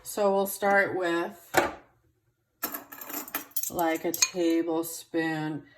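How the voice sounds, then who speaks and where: Drawing out her words in a low voice, a woman hosts a casual cooking demo at home, chatty and relaxed, thinking out loud and now and then wheezing or coughing. The recording is very noisy, with kitchen clatter behind her.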